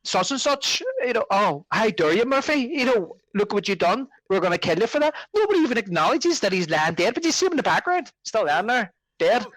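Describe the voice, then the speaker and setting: A man's voice: sits high, a little fast, few pauses, no room sound, poor audio. Man chatting about a film, dry sound. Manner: rambling, animated retelling of scenes. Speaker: podcast co-host. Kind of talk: casual film discussion.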